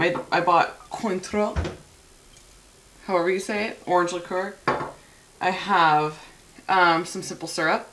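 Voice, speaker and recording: A young woman in casual, excitable chat to camera while mixing a drink in her apartment kitchen. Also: lowish voice. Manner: chatty and excitable, rambling asides. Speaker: vlogger. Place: cold home apartment kitchen.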